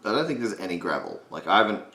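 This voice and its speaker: Jokey man with a gravelly edge. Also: deep voice, huge pitch swings, quick pace, pushed and bright. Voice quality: slight gravel. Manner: swears casually, jokey. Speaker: voice impression tutor. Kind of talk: casual tutorial chat. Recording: roomy echo.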